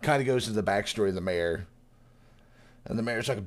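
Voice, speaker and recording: A man's voice: a little fast, long pauses. A man on a casual podcast, animatedly recapping a chapter and acting out the characters' lines with laughter. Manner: animated retelling, acting out characters with big pitch jumps and laughter. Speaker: podcast co-host.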